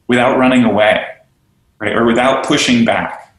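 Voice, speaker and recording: A man's voice: mid-range voice, moderate pace, a bit bright, a little hiss or hum. A man being interviewed on a podcast, talking earnestly and animatedly about teaching and belonging, often acting out the voices of the people he quotes. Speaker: guest, yoga studio owner and teacher trainer. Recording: roomy echo.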